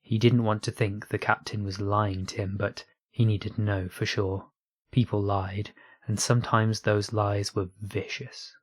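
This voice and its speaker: A man narrating a science fiction story aloud in a steady, unhurried reading voice. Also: fairly low pitch, breathy edge, dry recording. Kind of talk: audiobook reading of online fiction.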